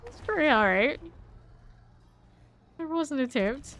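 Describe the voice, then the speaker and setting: A woman's voice: a little high, expressive, a little slow, creaky, long pauses, fairly bright tone, a little hiss or hum. A woman streaming a game, chatting casually to herself as she plays, humming and counting under her breath. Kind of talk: casual gameplay commentary.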